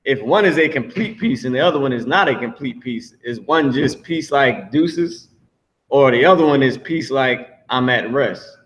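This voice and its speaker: A man's voice: medium pitch, lively intonation, moderate pace, fairly bright tone. Slang-talking man teaching a language class. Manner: loose slangy explaining, repeats words to build a point. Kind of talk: casual live class teaching.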